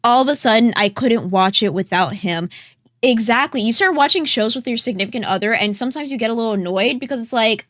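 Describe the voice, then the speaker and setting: A woman's voice: on the high side, animated, fairly quick, a bit bright, no echo. Chatty woman podcast host, dry sound. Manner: chatty, filler-heavy, thanks viewers. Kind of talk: casual podcast chat reading chat messages.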